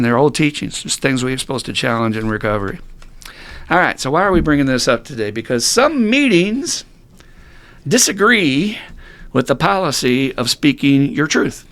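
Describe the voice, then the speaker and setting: A middle-aged man talking casually on a recovery podcast, blunt, animated and laughing often as he swears freely. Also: medium pitch. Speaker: podcast host.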